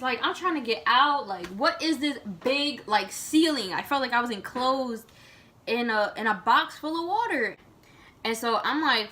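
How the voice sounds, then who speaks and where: A woman with a fairly high voice tells a story to the camera as a vlogger. She's casual and animated, retelling events dramatically and saying "like" constantly.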